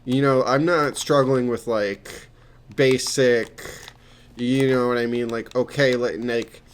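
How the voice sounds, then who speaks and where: A young man rambles through stories from his job as a peer mentor, stumbling, restarting and dropping fillers as he goes. His voice sits at an average pitch, with soft keyboard clicks faintly audible behind him. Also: fairly even intonation, a little hiss or hum. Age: young adult. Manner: rambling, halting, many restarts and fillers, swears. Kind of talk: casual rambling storytelling.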